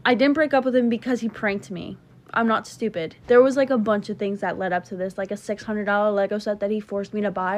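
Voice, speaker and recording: Chatty woman telling a breakup story. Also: mid-range voice. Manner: rambling, emphatic, self-interrupting. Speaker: TikTok storyteller. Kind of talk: casual storytime.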